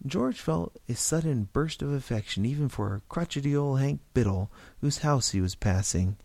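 A man reading a story aloud in steady, expressive narration. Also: medium pitch, moderate pace, creaky, no echo. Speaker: story reader.

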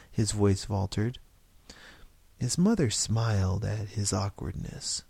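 A man's voice: on the low side, takes it slowly, creaky, mellow, breathy edge, dry recording. A man reading a story aloud, narrating with occasional slips and restarts.

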